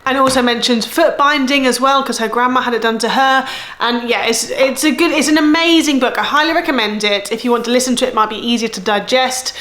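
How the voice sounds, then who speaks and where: A woman's voice: a little high, fast talker, fairly bright tone, echoey room. A woman in her thirties with an English accent, chatting casually about her month of reading, rambling and correcting herself as she goes. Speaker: book vlogger. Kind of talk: casual chat.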